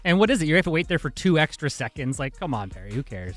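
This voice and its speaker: A man co-hosting a sports talk show, with a voice pitched slightly above the middle. He teases his co-hosts and challenges their points in casual banter. Faint music runs underneath. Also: sing-song, fast talker, fairly bright tone. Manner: teasing, pushes back on the others. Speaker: sports radio co-host.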